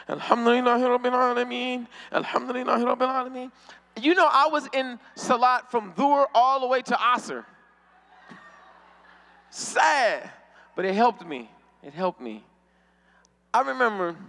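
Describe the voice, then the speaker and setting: High-voiced guy doing standup, super animated, does all the voices. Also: in a large hall. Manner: animated, acts out voices of people in his stories. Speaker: stand-up comedian. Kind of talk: stand-up comedy routine. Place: convention hall stage.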